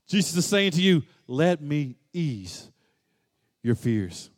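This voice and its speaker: A man preaching a sermon as pastor, swinging from loud and emphatic to soft and hushed. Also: on the high side, very animated, slow, big-room sound.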